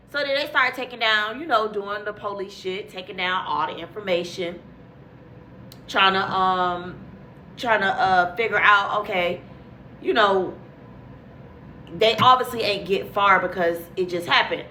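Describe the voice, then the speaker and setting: Animated young woman with a bright voice. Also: mid-range voice, measured pace, slight background noise. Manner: animated, acts out quotes, heavy cursing, many fillers. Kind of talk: casual profane storytelling.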